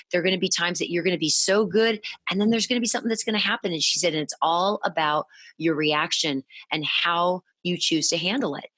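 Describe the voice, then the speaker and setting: A woman podcast guest in her thirties, speaking candidly in a halting way, often restarting and quoting her past self. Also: on the low side, a bit bright, no echo. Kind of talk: candid conversational interview.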